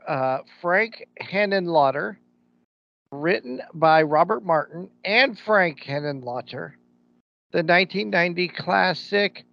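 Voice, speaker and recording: A podcast co-host with a Midwestern American accent speaks on the high side with a creaky voice. His casual chat is blunt and opinionated, sprinkled with slang like "ain't," in dull lo-fi audio.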